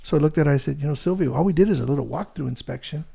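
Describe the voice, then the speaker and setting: A middle-aged man in real estate rambles through an animated story during a casual chat, leaning heavily on fillers. His slightly high voice races along, creaky and a little rough.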